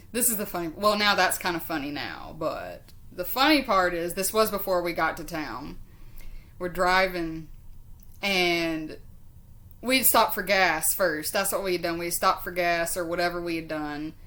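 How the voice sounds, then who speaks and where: A woman vlogger telling a story to the camera in a casual, rambling way. She swears often, laughs a lot and keeps going off on tangents. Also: mid-range voice. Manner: chatty and expressive, laughs often.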